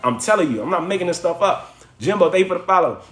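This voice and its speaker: A man's voice: sits high, expressive, fast talker, a bit bright, roomy sound, soft background music. A man hosting a livestream from home, giving a slangy, preachy motivational talk that repeats phrases for effect. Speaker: livestream host.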